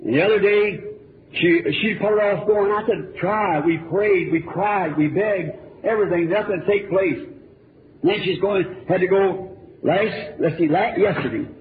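A man preaches in an earnest, rambling, folksy manner, his voice sitting a little high. The recording is a tinny, narrow old tape with a faint hiss underneath. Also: normal speed. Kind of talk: storytelling sermon.

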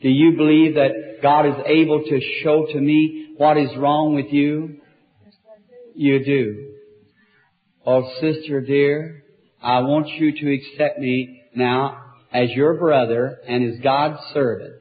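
A man leading a healing service as an evangelist, speaking gently and earnestly to each person before him. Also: on the high side, fairly even intonation, slow. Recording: tinny lo-fi archival recording.

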